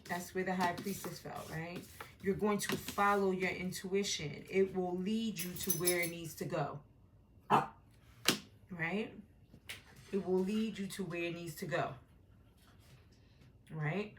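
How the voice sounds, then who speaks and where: A woman's voice: lowish voice, steady tone, slow pace, pauses often, noisy background. A woman giving a meandering intuitive tarot reading from home, often adding "right?" as she talks. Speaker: tarot reader. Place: home with a dog nearby.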